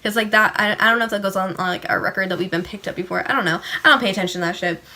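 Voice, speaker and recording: Teen girl vlogger, casual storytime, bright voice, laughs through her lines. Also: medium pitch, racing. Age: teens. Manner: giggly, laughs often mid-sentence; filler-heavy, says "like" a lot.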